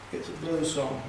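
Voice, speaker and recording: An older man delivers comic songs and verse at a live show. His voice sits fairly high and the pace stays slow. The sound is distant and boomy, picked up from far off in a very echoey room. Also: gravelly, noisy background. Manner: half-sung comic verse with dry chatty asides. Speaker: performance poet.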